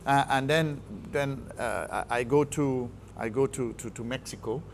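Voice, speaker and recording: Gravelly Trinidadian football coach. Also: male voice, mid-range voice, fairly even intonation, measured pace, slight background noise. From Trinidad and Tobago. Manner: emphatic, repeats words heavily while building a point. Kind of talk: studio interview.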